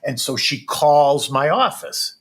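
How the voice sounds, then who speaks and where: A middle-aged man telling a personal story as a podcast guest, animated and keeps checking in with "right?". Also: fairly high pitch, slow pace.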